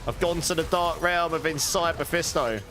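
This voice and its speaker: A man's voice: fairly high pitch, normal speed, background noise. A man streaming a game live, chatting casually with viewers and laughing often. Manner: chatty, laughs often, talks to chat and his cat. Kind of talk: live gameplay commentary.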